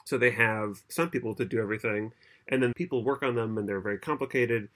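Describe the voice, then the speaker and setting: A male podcast co-host talking in a relaxed, chatty way, with a voice sitting in the middle of the male range. He explains things at length and laughs easily along the way. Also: mid-range voice, fast talker. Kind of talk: casual chat.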